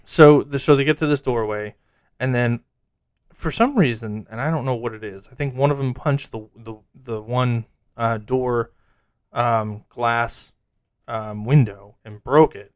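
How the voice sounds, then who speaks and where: A man's voice: medium pitch, unhurried, smooth, dry recording. A man in casual conversation, telling events as a story and acting out what people said. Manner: animated storyteller acting out quotes. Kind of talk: casual chat.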